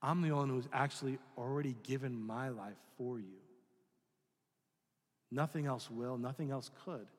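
A man's voice: mid-range voice, moderate pace, long pauses. Man preaching in a reverberant hall. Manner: conversational preaching with rhetorical questions and acted-out voices. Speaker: pastor. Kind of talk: sermon.

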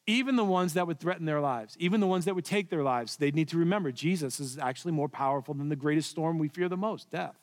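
A man preaching a sermon in a church, telling the story with swings from loud to hushed. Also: fairly high pitch. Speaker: pastor. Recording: long reverb of a large hall.

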